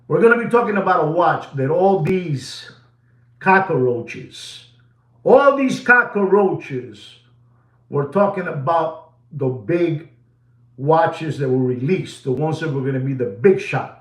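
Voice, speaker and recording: Animated and dramatic, this man gives a watch market rundown, mixing Spanish phrases into English while alternating between booming calls and whispered asides. He speaks slowly in a slightly high voice, with a roomy sound.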